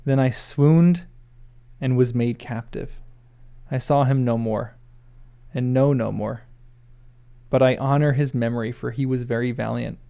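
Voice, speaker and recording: A man reading a proud young male hobbit's lines aloud in his own gravelly voice, with stumbles and restarts. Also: medium pitch, fairly even intonation, a little slow, long pauses, mellow. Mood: solemn.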